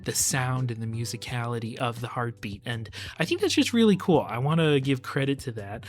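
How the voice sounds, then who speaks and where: A man hosting a lyric analysis video, talking casually and thinking aloud with frequent fillers and pauses. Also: mid-range voice. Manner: relaxed, hesitant with many fillers, thinking aloud. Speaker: lyric analysis channel host.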